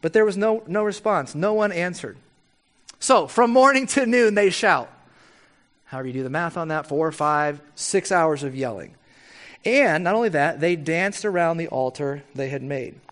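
A male preacher delivers a casual, conversational sermon in a voice sitting a touch higher than most men's. He talks with playful, wry humor and keeps checking in with his listeners through quick tag questions. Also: lively intonation, a bit bright.

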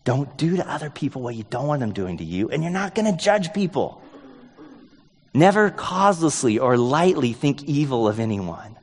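A male pastor preaching a sermon in a relaxed, joking way, thinking aloud and hedging as he goes. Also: medium pitch, long reverb tail.

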